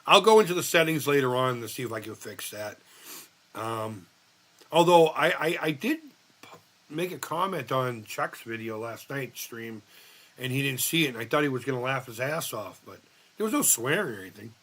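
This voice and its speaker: Middle-aged man, bright voice, loose and profane, rambling live-chat host. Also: mid-range voice, lively intonation, normal speed. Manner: profane, rambling storyteller reading chat aloud. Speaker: livestream host.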